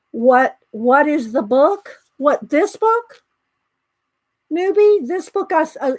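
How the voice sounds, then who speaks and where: Woman, middle-aged, high voice, casual rambling chat, a bit out of breath. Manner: chatty, rambling, answers viewer comments. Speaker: livestream host.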